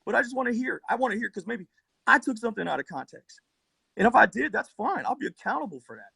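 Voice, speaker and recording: Gravelly, husky-voiced man ranting on a phone stream. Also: very high-pitched, expressive, fast, bright, forceful tone, no room sound. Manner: profane, rambling, worked-up storytelling. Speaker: livestream debate participant. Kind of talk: heated live-stream argument.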